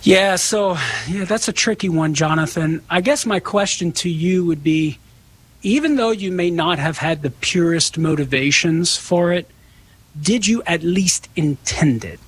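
Earnest higher-pitched man explaining. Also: measured pace, breathy edge, low-quality recording. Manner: earnest, explanatory, acts out example dialogue. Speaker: radio show guest expert answering callers. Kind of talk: call-in radio answers.

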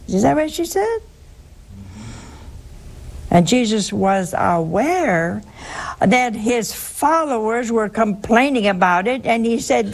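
An older woman with a gravelly voice speaks at a very slow, deliberate pace. She hosts a call-in religious show and teaches scripture to a caller, and she stresses her main points by repeating them. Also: medium pitch, darkish tone. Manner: slow, emphatic, repeats key phrases. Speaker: host answering a caller.

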